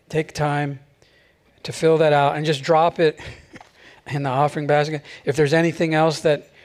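A male pastor preaching a sermon in a relaxed, conversational way, chuckling often between phrases at a church service. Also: a little high.

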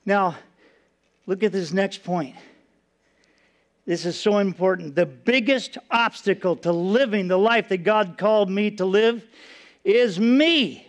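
A man preaching a sermon, telling a personal testimony in an earnest storytelling way and dropping soft and low for solemn moments. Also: slow pace.

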